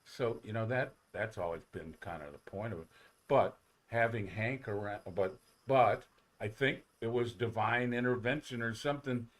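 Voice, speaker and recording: A man, a former ballplayer, telling rambling, animated stories on a sports talk show, with many restarts. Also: lowish voice, normal speed. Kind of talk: casual storytelling on sports talk radio.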